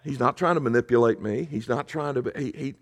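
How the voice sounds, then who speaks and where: A male pastor preaching in a conversational storytelling way, often dropping to a hush for emphasis. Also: mid-range voice, fairly quick. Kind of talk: sermon storytelling.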